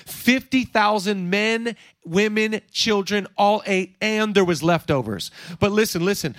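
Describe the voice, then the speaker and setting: A man in his thirties preaching a sermon in a playful, energetic way, joking and acting out quotes from the story. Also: high-pitched, dry recording, clean studio sound. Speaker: pastor. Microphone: seated on a stool.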